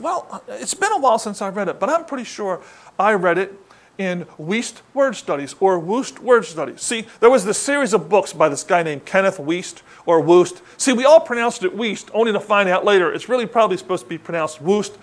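A man preaching a sermon in a chatty, conversational way, often asking the congregation questions. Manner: conversational, asks the congregation questions, lively rises in pitch.

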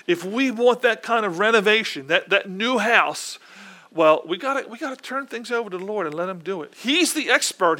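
A man delivers a sermon in an earnest, conversational way. His voice sits high and sounds bright and forceful. He often restarts his words and turns to the listeners with questions. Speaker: preacher.

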